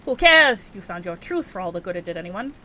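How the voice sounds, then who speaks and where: A woman's voice: lowish voice, big pitch swings, fairly quick, sharp tone. A woman voicing a brash, carefree young man from a game who taunts and shrugs everything off. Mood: taunting.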